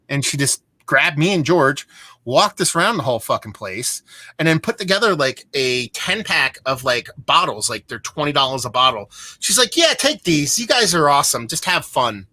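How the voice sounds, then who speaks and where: A man's voice: mid-range voice, bright, forceful tone, no room sound. A man from Pennsylvania hosting a casual live beer chat, telling a long rambling story with plenty of restarts and swearing. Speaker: beer show host.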